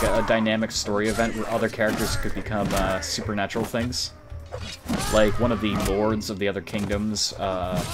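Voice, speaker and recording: A man giving casual live commentary on a game he plays, playful and teasing toward enemies, talking from a room at home. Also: fairly low pitch. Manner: playful, taunts enemies, chuckles. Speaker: streamer. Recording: noisy, keyboard typing audible.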